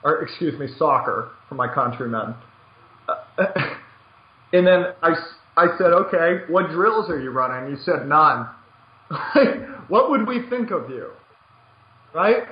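A man who hosts a poker podcast and coaches players. He talks in an animated, emphatic way, repeats words when he gets going and acts out little bits of dialogue. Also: on the high side, takes it slowly, long pauses, roomy sound, highs cut off.

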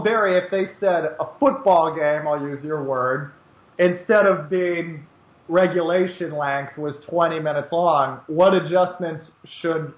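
A high-pitched man chats on a podcast, rambling and opinionated, often restarting his sentences. His voice sounds roomy and echoey, and the recording is dull and lo-fi. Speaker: podcast co-host. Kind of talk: casual podcast chat.

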